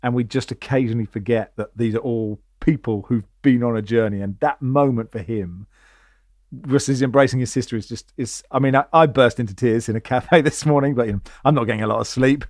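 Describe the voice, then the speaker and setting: A man's voice: medium pitch, a little fast, a little mellow, no echo. Dry-sounding man hosting a podcast. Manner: jokey, slips into comic mock voices. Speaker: podcast host. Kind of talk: casual chat.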